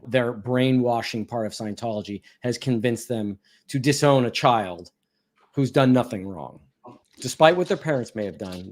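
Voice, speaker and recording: A man, a guest in a casual chat, talking in a measured, explanatory and sympathetic way. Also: mid-range voice.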